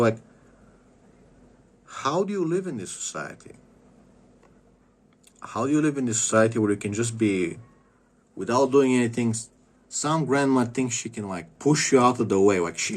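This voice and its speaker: A young man talking in a casual, rambling monologue, swearing often and stumbling over restarts as he rants. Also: medium pitch. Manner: profane, rambling, halting with restarts. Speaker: vlogger.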